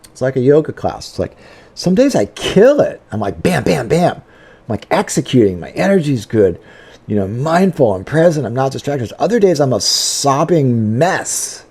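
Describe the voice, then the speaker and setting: Husky-voiced man rambling on a podcast. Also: medium pitch, sing-song, normal speed, darkish tone. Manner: rambling, conversational, acts out his own inner voice. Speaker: podcast host. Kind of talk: casual solo podcast talk.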